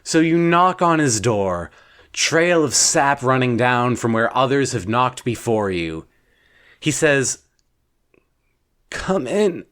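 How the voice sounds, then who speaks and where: A man's voice: mid-range voice, slow, smooth. A man narrating a surreal second-person bedtime story, rambling and wry, often stopping himself mid-thought. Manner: rambling, self-interrupting, wry deadpan asides.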